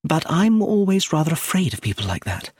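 Picture an audiobook scene: a man puts on a young woman of a rich family, earnest and uneasy, her lines lifted well above his own pitch. The voice stays husky and dry and moves with a lively, rising and falling lilt. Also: brisk, no echo. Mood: reflective. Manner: earnest, uneasy, quietly intense.

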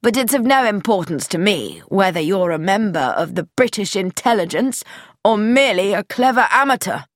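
A woman's voice: lowish voice, sing-song, slow, fairly bright tone, no room sound, clean studio sound, heavily acted. A woman voicing a cold, mocking middle-aged male commander who turns falsely genial, in an audiobook reading. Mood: menacing.

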